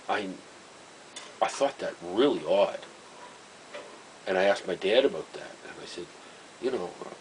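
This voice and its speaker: A man's voice: fairly low pitch, slight background noise, poor audio. A middle-aged man casually telling rambling personal stories, breaking off mid-sentence and chuckling at his own anecdotes. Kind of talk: casual storytelling monologue.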